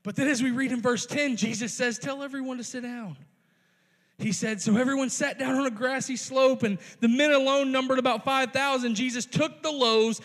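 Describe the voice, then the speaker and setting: High-voiced pastor in a reverberant hall. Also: male voice, a bit bright. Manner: conversational, with playful asides and quick restarts. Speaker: youth pastor. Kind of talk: sermon. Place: church sanctuary. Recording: long reverb of a large hall.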